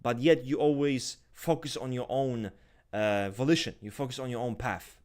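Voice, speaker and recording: A married man co-hosting a podcast, talking in a reflective, halting way with frequent restarts. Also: medium pitch, darkish tone. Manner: reflective, halting, many restarts and "you know". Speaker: podcast co-host. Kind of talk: casual chat.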